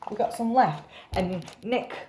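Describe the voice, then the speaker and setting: A woman's voice: mid-range voice, a little slow, mellow, reverberant, slight background noise. A tired woman rambling in a casual vlog, self-mocking and swearing casually. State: tired after a night up. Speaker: vlogger.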